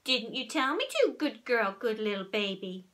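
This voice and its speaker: A woman's voice: on the high side, big pitch swings, moderate pace, a bit bright. Woman doing a wheedling little boy. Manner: wheedling, sing-song, innocent. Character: cheeky sweet-talking little boy.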